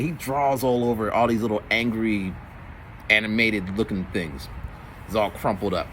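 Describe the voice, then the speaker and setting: A man in his forties, a middle school teacher, telling stories from his week in a casual, animated way. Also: normal speed, slight background noise. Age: 40s. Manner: animated, jumps into high voices for quoted kids. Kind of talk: casual storytelling vlog.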